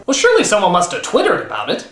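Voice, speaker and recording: A man reviewing films in a sarcastic comedic rant, with explosive shouting outbursts. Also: high-pitched, huge pitch swings, racing, roomy sound, loud music behind the voice. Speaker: comedic film critic.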